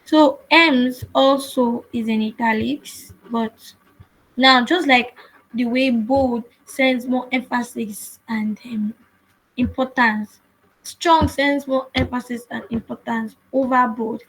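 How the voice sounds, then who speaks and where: Woman, coding instructor, husky airy tone, patient repetitive explaining, tutorial narration. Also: on the high side, steady tone, slow pace, poor audio. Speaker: web development instructor. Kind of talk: screen-share coding tutorial.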